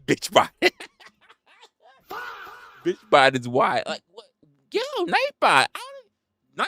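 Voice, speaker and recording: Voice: medium pitch, pushed and bright, dry recording, clean studio sound. A livestreamer chatting casually with viewers, swearing, laughing and exclaiming.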